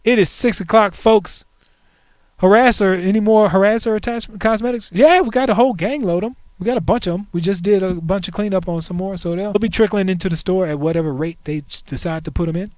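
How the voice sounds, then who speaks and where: Stream host, man in his 40s, higher pitch, playful and joking, dry close sound. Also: no echo. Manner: playful, joking, animated asides to chat. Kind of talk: casual livestream chat.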